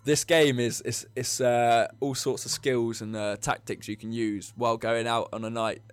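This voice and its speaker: A man's voice: mid-range voice, level tone, moderate pace, clear, resonant tone. A young English man co-hosting a podcast, telling rambling drinking stories in casual chat and laughing often. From England. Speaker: podcast co-host.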